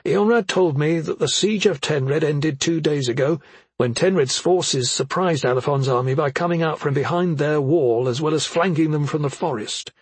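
A woman's voice: low-pitched, moderate pace, husky, dry recording, voice pushed up. A man reading an audiobook, voicing a worried middle-aged mother who questions her son sharply and skeptically. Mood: grave. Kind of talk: audiobook character voice.

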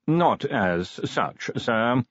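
A man's voice: mid-range voice, lively intonation, very slow, dry recording, voice pushed up. Prim polite butler guy, a man doing the voice, storybook reading, dry dull sound. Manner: formal, deferential, polite. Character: prim, smooth-spoken male butler, middle-aged.

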